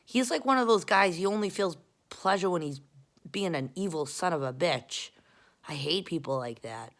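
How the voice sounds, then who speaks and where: A woman vlogging at home, rambling bluntly and swearing as she talks to a camera she holds close, jumping between loud outbursts and quiet mutters. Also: on the low side, animated, moderate pace. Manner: rambling, profane and blunt, often restarting. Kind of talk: casual confessional rant.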